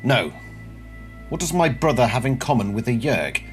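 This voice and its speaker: A man's voice: mid-range voice, big pitch swings, normal speed, faint music behind, natural voice. A man reading an earnest young alien cadet. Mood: questioning. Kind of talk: dramatic reading of a book passage.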